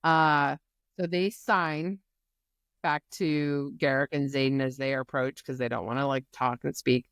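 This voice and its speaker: A woman co-hosting a podcast, retelling a book's plot in animated, casual chat and swearing freely. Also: very deep voice, measured pace, clear, resonant tone, dry recording, clean studio sound. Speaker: podcast co-host. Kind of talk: casual book-club chat.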